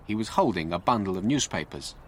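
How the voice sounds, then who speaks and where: A man narrating a graded story for English learners in a clear, deliberate way. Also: deep voice, lively intonation, slight background noise. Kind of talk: slow scripted story narration.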